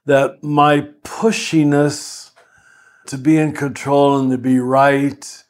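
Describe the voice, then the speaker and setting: Slow-speaking older man. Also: mid-range voice. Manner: slow, storytelling, self-deprecating. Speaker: priest and teacher. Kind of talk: reflective podcast conversation.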